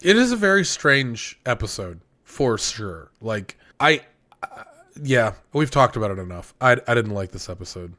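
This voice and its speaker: A man's voice: medium pitch, big pitch swings, moderate pace, bright, forceful tone. A man co-hosting a podcast, ranting with lots of swearing in an exasperated, casual way. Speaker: podcast co-host.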